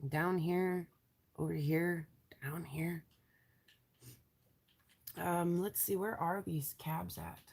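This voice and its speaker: Lower-voiced woman with a stuffy nose and a raspy voice, rambling through a relaxed live-stream show-and-tell. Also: takes it slowly, long pauses. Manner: chatty, rambling, trails off with ums. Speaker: lapidary showing rocks to viewers. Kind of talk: casual live-stream chat.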